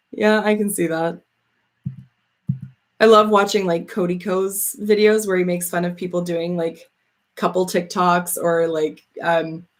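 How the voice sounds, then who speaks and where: A woman in her thirties from Canada chatting casually with live viewers, swearing freely, laughing often and reading out their comments. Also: lowish voice. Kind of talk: casual livestream chat.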